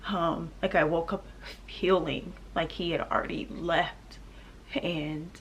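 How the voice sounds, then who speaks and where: A young adult woman telling a painful personal story to camera, halting and emotional, with pauses and restarts. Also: on the low side, steady tone, a little hiss or hum. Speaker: vlogger.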